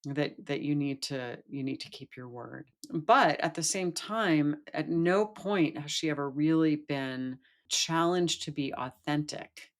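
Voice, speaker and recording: A woman's voice: deep voice, a little slow, few pauses. Thoughtful woman retelling a fairy tale. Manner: thoughtful, lots of restarts. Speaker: guest, Jungian analyst and author. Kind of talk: podcast interview, storytelling.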